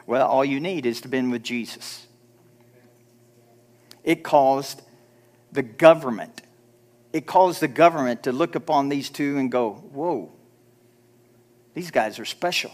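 A man's voice: medium pitch, a little slow, pauses often, a little mellow. A pastor preaching a church sermon, urging his listeners with emphatic rhetorical questions and acting out quoted people in mock voices.

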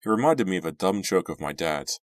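Deep-voiced male audiobook narrator. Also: lively intonation, fairly quick, no room sound. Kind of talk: reading a horror novel aloud.

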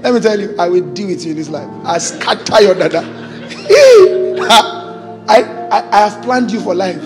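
A Nigerian man with a high voice preaches with exuberant, exclaiming energy and jokes with the congregation. His voice rings through a large hall with a long echo, and soft music sits beneath it. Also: big pitch swings, moderate pace. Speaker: pastor. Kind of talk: preaching a sermon. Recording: hall reverb with faint music.

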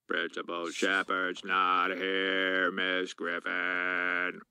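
An actor voicing an awkward middle-aged male school principal in a cartoon, with a dry, deadpan delivery. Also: low-pitched, very slow, clean tone, heavily acted. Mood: exasperated. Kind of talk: cartoon voice acting.

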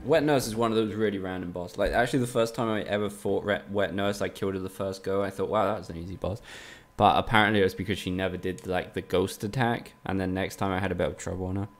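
A man's voice: low-pitched, steady tone, quick pace, few pauses. A man from the UK, streaming a game live and trading teasing, sweary banter with his chat. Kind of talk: casual live-stream commentary.

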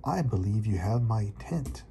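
A man's voice: fairly low pitch, lively intonation, a little slow, vocal fry, dark tone, slight background noise. A man voicing a polite cat who studies plants and camps, in a read-aloud storybook.

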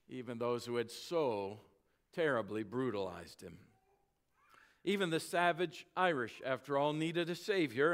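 A male pastor preaching a sermon, telling a story with dramatic slowing and volume that sinks at phrase ends. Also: mid-range voice, fairly bright tone.

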